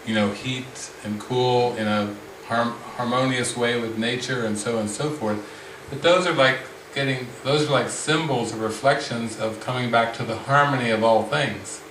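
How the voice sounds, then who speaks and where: A man leading a spiritual retreat discussion, speaking slowly and reflectively with frequent restarts. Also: medium pitch, a bit bright, slight background noise. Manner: slow, reflective, many restarts. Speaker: spiritual teacher. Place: retreat room with a group. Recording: roomy sound from the mic's distance.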